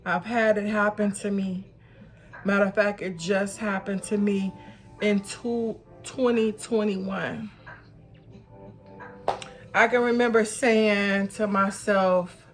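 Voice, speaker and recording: Slow, earnest woman vlogger testifying. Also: medium pitch, a bit bright, soft background music. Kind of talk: motivational personal vlog.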